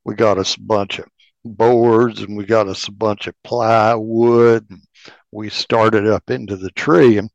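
A male host drifts into casual memories in a slow, rambling, folksy way. The recording is dry and close, with a dull, lo-fi tone. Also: on the low side, fairly even intonation, gravelly, no echo. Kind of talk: casual reminiscing.

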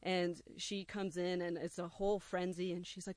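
A young adult telling a personal story to a listener, animated and acting out the quoted voices. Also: medium pitch, moderate pace, hardly any pauses, no room sound.

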